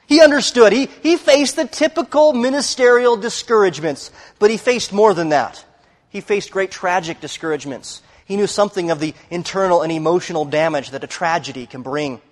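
Guy preaching a sermon, kinda high voice, big echoey hall, gets loud and earnest. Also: fairly quick. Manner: earnest storytelling, rising to loud emphasis.

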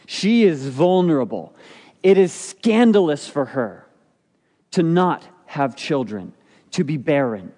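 A man's voice: on the high side, very animated, slow pace, dark tone. A man preaching a sermon, explaining a scripture passage with rhetorical questions and acted-out quotes. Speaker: pastor. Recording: long hall reverb.

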